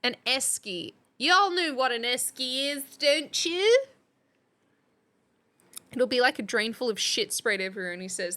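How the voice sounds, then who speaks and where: A woman's voice: on the high side, moderate pace, bright, forceful tone. An Australian woman chatting casually on a live stream, quizzing her chat like a teacher. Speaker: substitute streamer.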